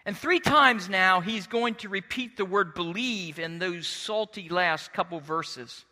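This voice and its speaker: Delivering a sermon, a middle-aged pastor tells stories with lots of expression and shifts into character voices. He speaks in a high voice at an unhurried pace, and a long reverb tail trails his words.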